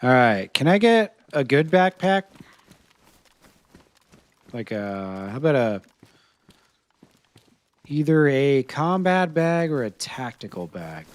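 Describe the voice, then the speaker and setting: Speaking slowly with long pauses, an American man in a mid-range, very animated voice streams a video game live. He talks with his chat, laughs a lot and mutters to himself while searching for gear, all in a dry recording.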